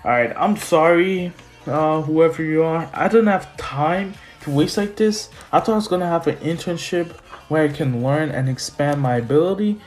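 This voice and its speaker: A man's voice: on the high side, moderate pace, a little mellow, faint music behind, natural voice. A man voicing an impatient teenage boy hero trainee who complains in frustration, in a retold fan story.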